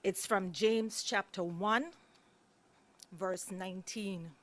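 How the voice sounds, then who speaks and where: A woman's voice: medium pitch, takes it slowly, a bit bright. A woman, giving an earnest, lightly humorous introduction speech at a courtroom podium. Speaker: speaker introducing a judge. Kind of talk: ceremonial speech. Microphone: podium microphone.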